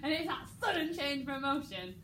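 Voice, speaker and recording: An English woman teaching a drama lesson, acting out lines with sudden shouts and laughing often. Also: sits high, sing-song, moderate pace, slight background noise.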